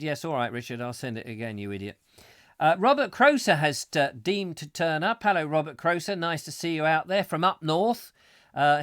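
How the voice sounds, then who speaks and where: A man's voice: fairly high pitch, a bit bright, no echo, studio quality. A middle-aged man hosting a comic live chat show, rambling playfully through viewer comments with mock-macabre asides. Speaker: host.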